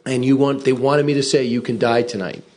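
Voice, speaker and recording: A man hosting a casual chat, telling lively anecdotes and acting out the voices in them. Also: mid-range voice, brisk. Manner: animated anecdote teller, acts out voices. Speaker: host.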